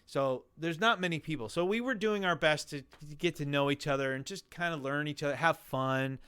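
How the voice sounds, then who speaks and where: Lively man telling a story. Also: a little high, brisk, smooth. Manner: animated storyteller, acts out voices in quotes. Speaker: guest telling his weight-loss story. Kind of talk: casual storytelling interview.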